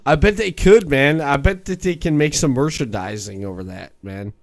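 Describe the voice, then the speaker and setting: A man's voice: medium pitch, moderate pace, dry recording, studio quality. A man hosting a podcast, chatting casually with lots of laughing and rambling asides. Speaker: podcast host. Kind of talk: casual chat.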